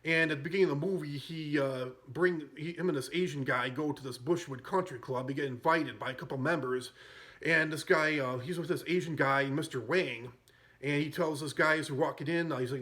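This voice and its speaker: Somewhat high-pitched and fairly bright in tone, this podcast host talks briskly. He rambles through his recaps of film scenes in a relaxed way, laughing softly at his own stories.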